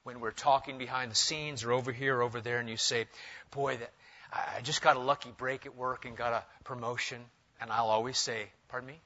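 A middle-aged male pastor preaching a sermon, animated, changing pitch and pace for emphasis. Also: a little fast. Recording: dull lo-fi sound.

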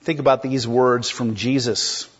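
A man's voice: medium pitch, steady tone, a little slow, breathy edge, highs cut off. A man preaching an expository sermon in a conversational way, explaining a text and putting questions to the congregation. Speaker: pastor.

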